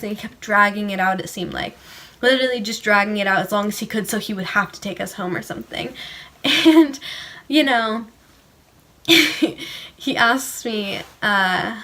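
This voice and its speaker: Teen girl vlogger, casual storytime, bright voice, laughs through her lines. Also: mid-range voice, moderate pace, slight background noise. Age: teens. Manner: giggly, laughs often mid-sentence; filler-heavy, says "like" a lot.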